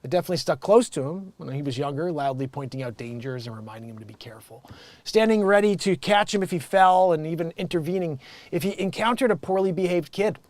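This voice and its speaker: A man's voice: on the high side, expressive, fast, a little mellow, no room sound. An American man hosting a show, reading news headlines and riffing on them sarcastically, swearing and laughing often. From United States. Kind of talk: improvised comedic news commentary.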